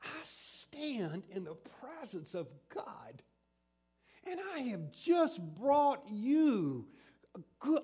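A preacher acts out a stern male archangel, commanding and indignant, bearing down on a doubter. The rebuke comes slow and emphatic, high in pitch, each word laid down with heavy weight. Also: warm tone, full character voice.

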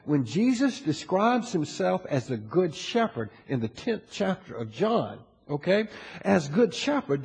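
A man's voice: high voice, darkish tone, slightly rough. An older man preaching a sermon in a conversational way, often restarting his sentences and adding asides, in a large church. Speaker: pastor. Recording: long hall reverb.

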